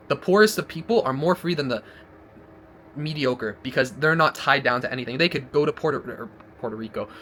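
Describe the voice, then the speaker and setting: Fast-talking blunt man giving a pep talk. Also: medium pitch, a bit bright, a little hiss or hum. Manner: blunt, profane, rambling with restarts. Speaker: vlogger. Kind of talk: motivational monologue to camera.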